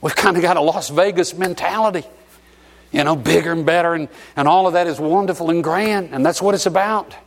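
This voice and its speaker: A man's voice: a little high, fairly quick. A middle-aged man from Alabama preaching a sermon, sentimental and emotional as he tells stories. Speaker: pastor.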